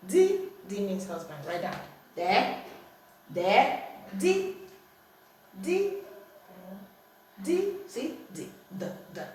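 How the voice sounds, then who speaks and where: A woman's voice: fairly low pitch, very animated, takes it slowly, darkish tone. A woman with a Nigerian accent teaching a language lesson at home, firmly correcting and repeating words with exaggerated tones. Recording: echoey room, distant mic, faint noise.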